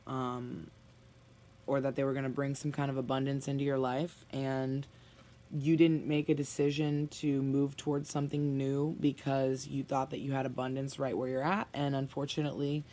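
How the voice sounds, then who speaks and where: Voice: medium pitch, little pitch movement, normal speed, dark tone. A tarot reader giving a spoken reading to viewers, blunt and emphatic, often sighing and sympathetic.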